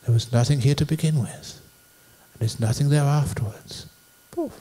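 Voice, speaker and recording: A male monk giving a public dharma talk in a university lecture hall. His voice sits at an everyday middle pitch. He tells stories playfully and jokes with the people listening. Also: moderate pace, warm tone, slightly rough. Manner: playful storyteller, jokes with the audience.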